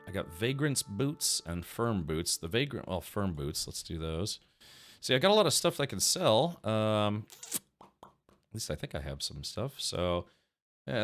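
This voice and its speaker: Low-voiced man rambling through a game stream. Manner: rambling, thinks aloud, answers chat. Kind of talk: casual gameplay commentary.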